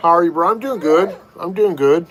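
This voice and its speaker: A man's voice: high-pitched, a little fast, poor audio. A man hosting a casual live stream, chatting with viewers and greeting them by name. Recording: loud background noise. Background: loud noise.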